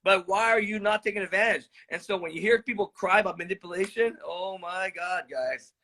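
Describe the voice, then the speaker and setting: A man's voice: high-pitched, a little fast, pushed and bright. A man hosting a live stream about trading stocks, talking loosely to viewers, rambling, swearing and calling them "guys".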